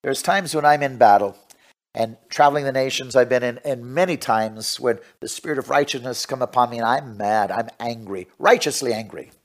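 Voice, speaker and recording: A male preacher giving a radio sermon and reading scripture aloud, swinging from hushed asides to loud, fervent preaching. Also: medium pitch, moderate pace.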